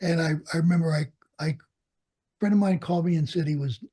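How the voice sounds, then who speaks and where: An older man recalls his flight training in a relaxed, husky voice. He tells his stories with energy, acting out the dialogue and laughing as he goes. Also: on the high side, fast talker. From United States. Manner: animated storyteller, acts out quoted dialogue, laughs often. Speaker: interviewee, Vietnam veteran pilot. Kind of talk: storytelling in an oral history interview.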